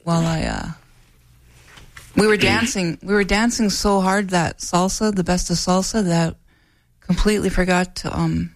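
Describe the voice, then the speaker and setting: Chatty, low-voiced woman radio host. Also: moderate pace, no echo. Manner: relaxed, chatty, clears throat often. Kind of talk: casual local radio chat.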